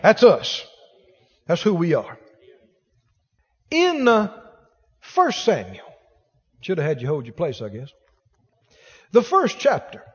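A man's voice: high-pitched, slow, pauses often, slightly rough, big-room sound, muffled recording. A man preaching a sermon as pastor, acting out the voices of the people in his stories. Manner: animated preaching, acts out quoted voices.

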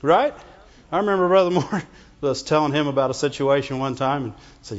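A pastor with a slightly high voice talks a little fast through a conversational sermon. He often checks in with the congregation using "Amen?" and "Right?" The church sanctuary gives the recording a dull, reverberant sound.

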